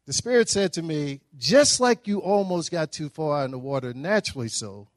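A man tells stories to a breakfast crowd, acting out the voices of the people in them. His voice sits a little high for a man, and his delivery is folksy and animated. The sound is dry and close to the mic. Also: moderate pace, no echo. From Dallas, Texas. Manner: animated, folksy storytelling with acted-out quotes. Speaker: guest speaker. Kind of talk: storytelling speech at a breakfast.

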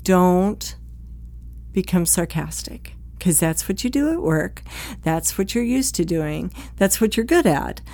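A woman's voice: fairly low pitch, animated, unhurried, warm tone. A woman hosting an advice podcast, speaking conversationally and acting out short quoted exchanges between partners. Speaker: podcast host, psychologist.

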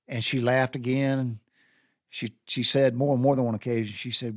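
A man's voice: mid-range voice, steady tone, moderate pace, no echo. Middle-aged Southern man, dry close sound, rambling heartfelt storyteller. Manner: rambling and heartfelt, with many restarts. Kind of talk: personal storytelling.

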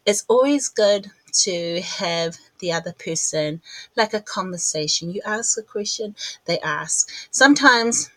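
A woman's voice: medium pitch, animated, unhurried, fairly bright tone, no echo, rough recording. Chatty, slightly breathless woman podcaster. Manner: chatty, rambling, laughs at herself. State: a little out of breath. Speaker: podcast host. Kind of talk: casual chat.

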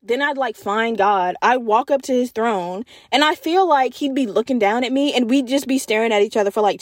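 A woman in her twenties hosting a casual solo podcast, telling comedic, profane stories with an animated delivery and lots of "like.". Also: a little high, dry recording, clean studio sound. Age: 20s. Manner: frequent fillers like "like". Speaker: podcast host.

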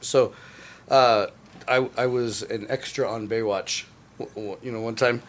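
An animated, laughing man telling stories. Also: mid-range voice, unhurried, slight background noise. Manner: animated storyteller, stumbles and repeats words, laughs often. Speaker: podcast co-host. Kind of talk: casual chat, storytelling.

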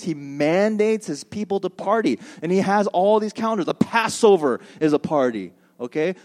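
Male pastor, fairly high and very lively delivery, humorous, conversational sermon. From United States. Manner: animated, joking, conversational preaching.

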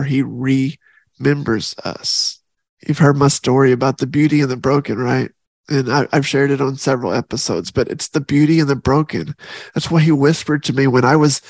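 A middle-aged man hosts a faith podcast, speaking earnestly and from the heart in a mid-range voice. He repeats key phrases for emphasis, and there's no room sound.

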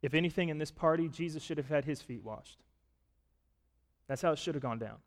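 A man's voice: a little high, fairly quick. Preaching man in a reverberant hall. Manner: storytelling, asks listeners to picture the scene; builds to loud, emphatic preaching. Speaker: pastor. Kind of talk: sermon. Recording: long reverb of a large hall.

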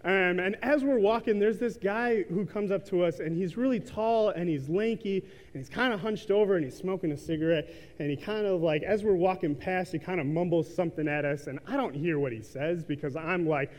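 A man's voice: sits high, expressive, moderate pace, darkish tone. A man in his thirties preaching a sermon in a church, telling a story casually with lots of ums and likes. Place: church sanctuary. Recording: reverberant church hall.

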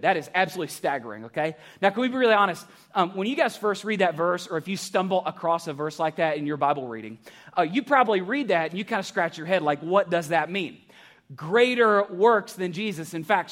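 A man preaching a sermon to a church congregation, animated and joking, asking the crowd rhetorical questions. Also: high voice. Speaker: pastor. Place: church sanctuary.

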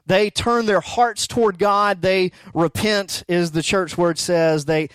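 A man in his thirties preaching a casual sermon as pastor, talking in halting restarts with joking asides. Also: sits high, fairly even intonation, fairly bright tone, clean tone, dry recording. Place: darkened church auditorium.

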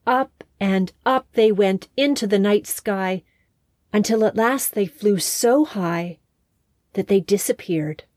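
A woman host narrating a scripted story in a calm, expressive way on a close mic. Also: medium pitch, takes it slowly, no room sound.

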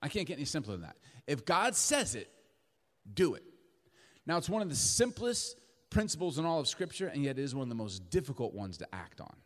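A middle-aged man delivers a sermon in a large church hall, his voice ringing out with a long reverb. He is highly animated, with a wide, lively pitch range. He shifts from loud, emphatic declarations to quiet, confiding stretches. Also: a little fast. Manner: animated, swings between booming emphasis and hushed intimacy. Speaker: pastor.

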